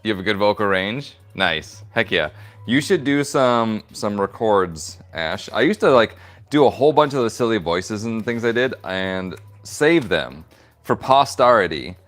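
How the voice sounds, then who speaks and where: A man's voice: fairly low pitch, expressive, measured pace, fairly bright tone, soft background music. A man hosting a leather crafting stream, chatting playfully and giggling as he rambles through his work in a workshop. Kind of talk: casual chat while crafting leather.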